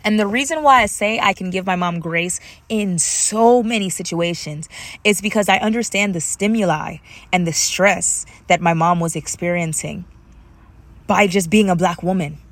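A woman's voice: mid-range voice, moderate pace, dry recording. A woman hosting a solo podcast with an African American English accent, talking casually and animatedly, slipping into playful voices when quoting others. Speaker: podcast host.

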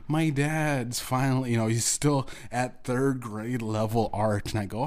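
A man's voice: mid-range voice, fairly even intonation, moderate pace, hardly any pauses. Bitter, profane man ranting solo. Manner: profane, bitter, rambling with restarts; bursts into shouting. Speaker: podcast host. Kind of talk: angry solo rant.

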